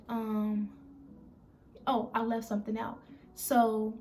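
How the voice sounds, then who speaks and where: A young woman with tells a story straight into her phone, voice pitched a bit high with a gravelly edge. She speaks candidly and in a rambling way, quoting others as she goes. Faint noise hums underneath. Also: a little mellow. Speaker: vlogger. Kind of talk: emotional storytime vlog.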